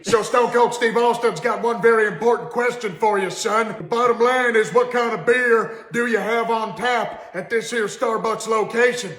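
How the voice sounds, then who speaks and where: A male impressionist voicing a parade of wrestling personalities waiting in a coffee line, in an exaggerated, shouty comedic sketch. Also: sits high, full character voice. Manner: shouty, exaggerated character voices. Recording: roomy clip played back on the show.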